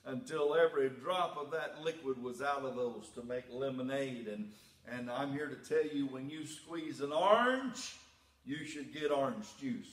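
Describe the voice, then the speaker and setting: In an echoey church sanctuary, a pastor with a mid-range, fairly bright voice preaches unhurriedly. He tells a personal story in a folksy manner before building up to emphatic preaching.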